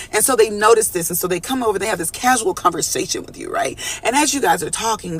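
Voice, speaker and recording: A man giving an animated, slangy collective tarot reading from a studio, calling out to his viewers. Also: high voice. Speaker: tarot reader.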